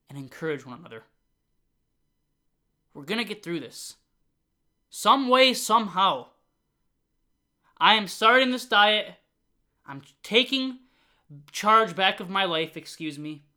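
A man hosting his own podcast, talking through his struggles in an earnest, uplifting monologue and repeating phrases for emphasis. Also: high voice. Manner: grows loud and fired up at times. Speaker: podcast host.

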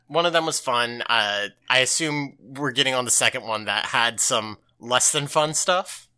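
A man co-hosting a podcast, recapping an episode in loose, animated casual chat and swearing freely. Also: mid-range voice, moderate pace, clean tone. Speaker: podcast co-host.

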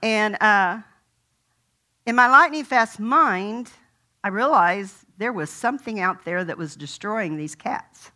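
Bright folksy older woman preaching. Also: medium pitch, animated, takes it slowly. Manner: folksy, conversational, with fillers. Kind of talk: sermon with personal story.

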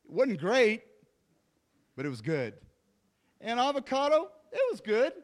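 A middle-aged man preaching a sermon, telling a story with jokey asides and acting out what people said. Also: fairly high pitch. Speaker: pastor.

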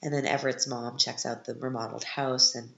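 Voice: medium pitch, little pitch movement, a little fast, creaky, pushed and bright, roomy sound, lo-fi sound. A podcast host giving a casual, sarcastic recap of a film, sounding exasperated with it.

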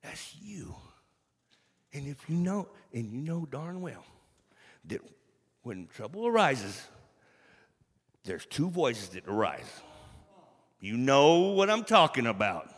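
A man giving an animated inspirational church talk, building emphatic points to a congregation. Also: medium pitch, slow pace, pauses often, husky. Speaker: church speaker. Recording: long reverb of a large hall.

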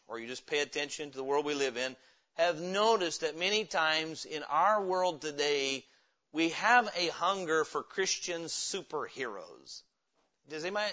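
Bright-voiced male pastor preaching. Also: fairly high pitch, lively intonation, fairly quick, muffled recording. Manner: asks the congregation questions and answers them. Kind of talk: sermon. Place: church sanctuary.

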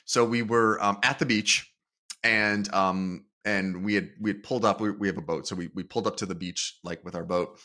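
A man co-hosting a podcast, telling a story in a relaxed, self-deprecating way. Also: lowish voice, normal speed. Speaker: podcast co-host. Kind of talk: casual chat.

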